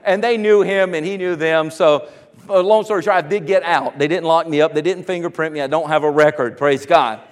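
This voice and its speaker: A man preaching, his voice pitched high for a man. He tells a story on himself with a grin in it and then drives it home with fervor. The sound carries the long reverb of a church sanctuary. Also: a little fast. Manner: storytelling, laughing at himself, building to fervent preaching. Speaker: pastor. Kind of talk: sermon with personal story.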